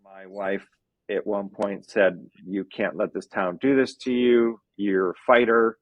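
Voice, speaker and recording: A man's voice: lowish voice, steady tone, measured pace, no room sound, lo-fi sound. A man in his thirties, a podcast guest, earnestly telling a personal story that runs close to tears. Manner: earnest, emotional, fighting back tears at times.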